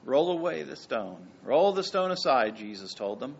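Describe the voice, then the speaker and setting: A man preaching a sermon, emphatic and swinging between loud passages and soft ones. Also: medium pitch, very animated, moderate pace, vocal fry, breathy edge, muffled recording. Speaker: pastor.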